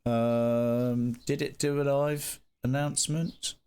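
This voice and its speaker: A man chatting casually with viewers on a live stream, playful and animated, breaking into sing-song greetings. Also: mid-range voice, takes it slowly, clean tone.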